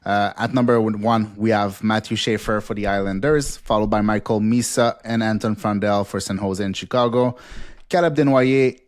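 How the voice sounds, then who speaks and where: Man rattling off a fast rundown. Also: lowish voice, dry recording, clean studio sound. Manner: rapid rundown with fillers and laughs. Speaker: podcast host. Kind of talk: casual podcast chat.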